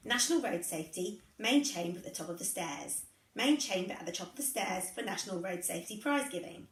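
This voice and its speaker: A woman voicing a brisk, friendly male official directing people, within a read-aloud story. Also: medium pitch, animated, roomy sound, lightly acted.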